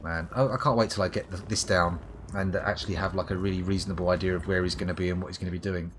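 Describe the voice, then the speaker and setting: A man's voice: low-pitched, fairly even intonation, fast talker, slight background noise. A man from England with a southern English accent, giving sardonic, sweary live commentary on a game he is playing. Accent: southern English, near London. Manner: sardonic, swearing, muttering to himself. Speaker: streamer.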